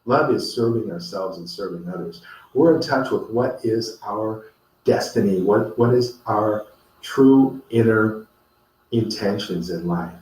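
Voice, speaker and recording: Earnest rambling man, low voice, echoey. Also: unhurried, darkish tone. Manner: rambling, earnest, with many fillers and restarts. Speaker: host. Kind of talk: personal storytelling and motivational talk. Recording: echoey room, distant from the mic.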